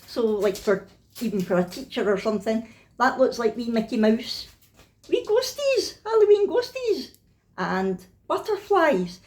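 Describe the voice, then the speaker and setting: A woman's voice: on the high side, darkish tone. Chatty Scottish woman in a roomy room. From Scotland. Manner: chatty and self-mocking, laughs often. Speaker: craft vlogger. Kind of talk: casual haul chat.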